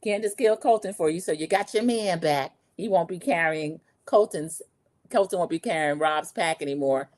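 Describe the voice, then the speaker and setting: A woman's voice: fairly low pitch, normal speed. A woman, chatting through a TV episode recap in a sassy, gossipy way. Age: 40s. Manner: chatty, sassy, quotes cast members in lively put-on voices. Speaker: recap show host. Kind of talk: casual TV recap commentary.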